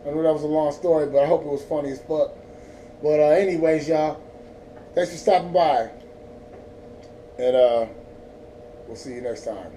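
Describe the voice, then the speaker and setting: A man's voice: a little high, normal speed, long pauses, warm tone. A man from Northern California's Central Valley, stoned, telling a profane, rambling story in a laid-back vlog. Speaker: vlogger. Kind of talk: casual storytelling. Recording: distant mic, faint background noise.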